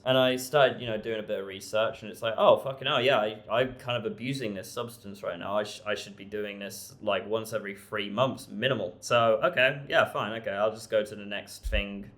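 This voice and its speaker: A man's voice: medium pitch, a bit bright. A young man in his twenties telling a candid personal story in casual vlog talk, swearing freely, laughing and restarting his sentences. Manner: frank and sweary, laughs often, restarts a lot. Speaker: self-improvement vlogger.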